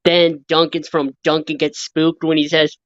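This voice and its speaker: A woman chatting casually on a live stream, slowly listing book scenes and quoting lines. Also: low voice, little pitch movement, dry recording, highs cut off. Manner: slow, halting, lists scenes and quotes lines. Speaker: fan sharing a book collection.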